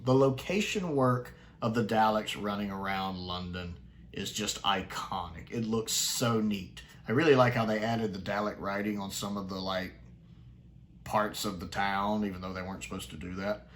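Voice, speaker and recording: A man's voice: on the low side, steady tone, normal speed, fairly bright tone, a little hiss or hum. A man giving casual, enthusiastic review commentary, chatty, with fillers and restarts. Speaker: sci-fi reviewer.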